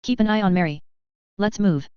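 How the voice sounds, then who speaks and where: Steady young guy leading the group in an audiobook, woman reader doing him, dry dull sound. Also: mid-range voice, normal speed, clear, resonant tone, no echo, close to an everyday voice. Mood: planning. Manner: steady and practical. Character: young male leader, calm and practical.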